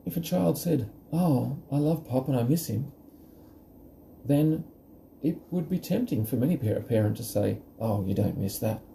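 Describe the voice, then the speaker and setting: A man talks through parenting advice in a gentle, reassuring way. His voice is very dark and mellow with a gravelly edge. A faint hiss sits under the recording. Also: mid-range voice. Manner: calm, gentle and reassuring, modelling phrases aloud. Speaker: parenting educator.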